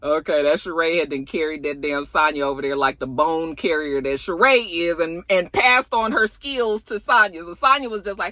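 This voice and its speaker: A young woman giving a casual, gossipy recap, animated and sassy and swearing freely. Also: deep voice, moderate pace, few pauses, no room sound. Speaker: reality TV recap YouTuber.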